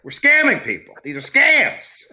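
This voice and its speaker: A middle-aged man guest in a casual interview, telling a story with lively acted-out quotes. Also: a little slow, a little hiss or hum. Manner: animated storyteller, acts out quotes with big pitch jumps. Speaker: actor guest.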